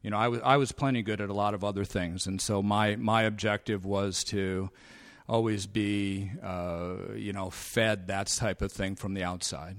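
A man in his fifties sharing his recovery story at a convention, halting with many fillers and a dry, sarcastic humor. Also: lowish voice, fairly even intonation, no echo. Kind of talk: personal talk at a convention. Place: convention meeting room.

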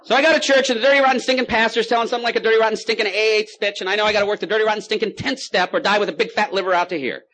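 A man's voice: high-pitched, steady tone, racing, hardly any pauses, pushed and bright. A man giving a personal testimony at a recovery meeting, telling his story in punchy bursts with repeated phrases.

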